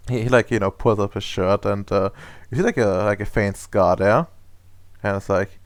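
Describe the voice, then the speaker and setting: Halting, low-voiced man running a tabletop game. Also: steady tone, no room sound. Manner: halting, many fillers and restarts. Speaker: game master.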